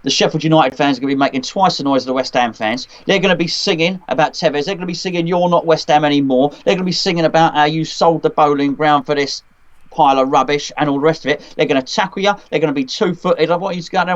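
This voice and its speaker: A man's voice: a little high, quick pace, natural voice. A man putting on a football manager giving his players a harsh dressing-room talk. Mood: fired up. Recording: dull lo-fi audio.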